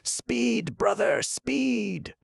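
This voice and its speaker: A man voicing a frightened young girl who pleads with her brother, raising his pitch to play her. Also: a little slow, gravelly, darkish tone, slightly rough, full character voice. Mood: pleading.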